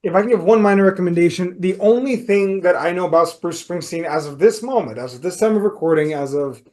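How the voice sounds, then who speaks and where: A man with a slightly high voice co-hosting a relaxed podcast. He tells stories at length and drops dry, sarcastic remarks. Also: fast. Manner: dry wisecracks, anecdotal storytelling. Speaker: podcast co-host. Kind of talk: casual podcast chat.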